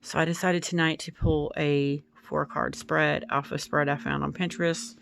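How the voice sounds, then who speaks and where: A woman's voice: low-pitched, flat delivery, moderate pace, creaky, a bit bright. A woman telling a story in a casual home vlog as a tarot-reading YouTuber, in a meandering, hesitant way.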